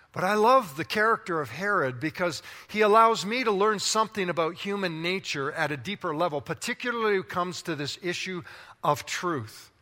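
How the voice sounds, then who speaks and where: Bright-voiced male pastor in a hall. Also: high voice. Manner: animated, playful, talks directly to the congregation. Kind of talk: sermon. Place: large church auditorium.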